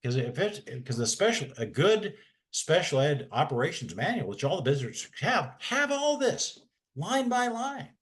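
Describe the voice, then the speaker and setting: A man's voice: on the high side, big pitch swings, normal speed. A man, a special education advocate, talking in a folksy, rambling way with many restarts. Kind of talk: casual webinar talk.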